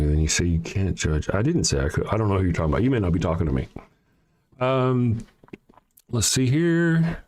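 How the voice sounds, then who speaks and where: A man hosting a livestream, ranting back at commenters in a profane, sarcastic, confrontational way, often restarting his sentences. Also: mid-range voice. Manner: frequent restarts and trailing sentences. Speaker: livestream show host. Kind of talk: heated livestream commentary reading chat.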